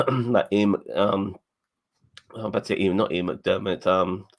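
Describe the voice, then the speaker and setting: With a low voice and fairly even intonation, this man co-hosts a live review podcast, and his delivery is emotional, breaking off and restarting again and again.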